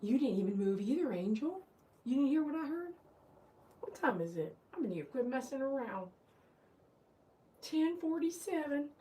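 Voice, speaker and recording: A woman's voice: high-pitched, very animated, normal speed, pauses often, mellow, a little hiss or hum. A woman hosting a casual livestream as a dog groomer, chatty and teasing as she talks straight to her viewers.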